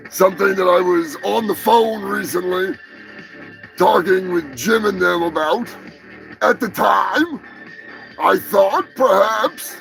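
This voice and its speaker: Man, podcast host, gravelly high voice, slow drawl, profane comedic rant, faint music behind. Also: poor audio. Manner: swings from slow mock-solemn to shouted profane rage. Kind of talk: mock-apology comedy rant.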